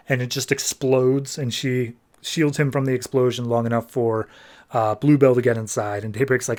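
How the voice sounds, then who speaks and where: A man on a podcast talks through a comic issue in a relaxed, conversational way. His pitch sits in the middle for a man. Now and then he slips into quick put-on voices for the characters. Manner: retells scenes, briefly voicing characters. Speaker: podcast host. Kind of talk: casual comic recap.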